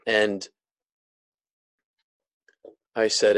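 A man giving an earnest, emotional personal testimony, halting often and restarting his sentences. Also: deep voice, fairly even intonation, no room sound. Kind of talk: personal testimony of a near-death experience.

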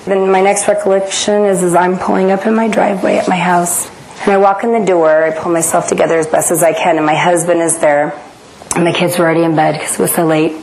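A woman's voice: on the low side, flat delivery, fast talker, a little mellow, a little hiss or hum, low-quality recording. A woman, earnestly telling an emotional personal story and acting out the dialogue. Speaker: guest telling her story. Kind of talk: personal testimony.

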